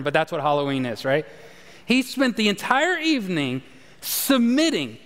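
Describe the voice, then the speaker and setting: Man, pastor, sermon, high voice, conversational storytelling, long church-hall reverb. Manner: conversational storytelling, animated shifts, drops low and quiet at key points. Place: church sanctuary.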